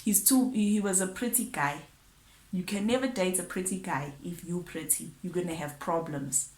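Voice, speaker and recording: A woman's voice: on the low side, normal speed, a little mellow. A woman chattily retelling a dramatic personal story, often correcting herself. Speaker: vlogger. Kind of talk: casual storytime. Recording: roomy echo.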